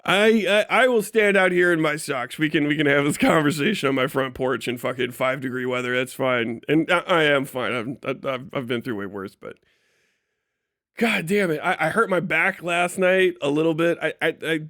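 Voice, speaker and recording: A live streamer from Kentucky, USA, tells a story in a voice on the high side at normal speed. He swears freely, laughs often, and retells events with animation, in a dry, studio-quality recording.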